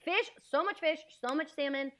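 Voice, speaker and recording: Animated American woman telling stories. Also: sits high, moderate pace. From United States. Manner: animated storyteller who acts out quoted exchanges. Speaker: podcast guest. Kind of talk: casual chat.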